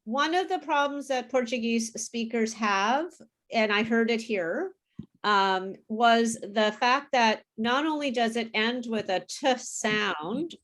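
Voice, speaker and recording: A woman teaching an English pronunciation class, modelling words slowly and patiently for students to repeat. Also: fairly high pitch. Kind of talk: online group pronunciation class.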